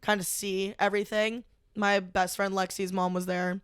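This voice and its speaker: A woman's voice: mid-range voice, flat delivery, clean tone, no room sound. Young woman guest rambling w lots of "like", dry close sound. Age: young adult. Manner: halting, heavy use of "like", emotional retelling. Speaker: podcast guest. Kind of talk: casual conversation.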